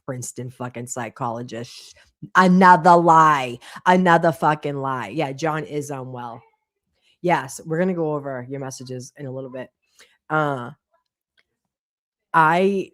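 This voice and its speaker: A woman's voice: deep voice, no echo, clean studio sound. A woman hosting a livestream gossip show, commenting in a profane, sarcastic, mocking manner. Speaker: host.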